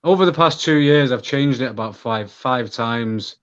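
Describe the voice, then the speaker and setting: A man with a Manchester accent rambles candidly through a casual interview, trailing off and restarting his sentences. His voice sits at an ordinary pitch. The audio comes through dull and lo-fi. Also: normal speed, fairly bright tone. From Manchester, England. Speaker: guest. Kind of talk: casual chat.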